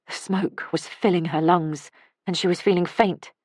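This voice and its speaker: This woman's voice is on the low side, and she tells the audiobook's story at a steady, unhurried pace from a prepared script. Sound is studio quality, free of room reverb.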